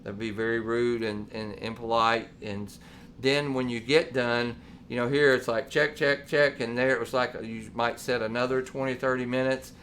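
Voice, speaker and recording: A man's voice: mid-range voice, level tone, normal speed, fairly bright tone, slight background noise. A man, co-hosting a casual talk show and telling long stories full of quoted dialogue. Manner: rambling, storytelling with quoted dialogue. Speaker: podcast co-host. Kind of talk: casual chat.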